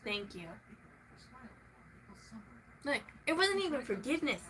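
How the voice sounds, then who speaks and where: A young woman venting in a casual vlog, swearing freely and swinging from soft talk to loud shouting. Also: fairly high pitch, animated, moderate pace, slight background noise, low-quality recording.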